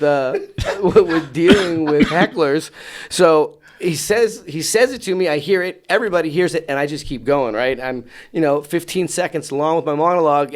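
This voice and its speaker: Man telling a story with loud acted-out voices. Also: fairly high pitch. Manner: acts out quotes in loud raised voices. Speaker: BMX show announcer. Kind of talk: animated storytelling. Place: podcast studio.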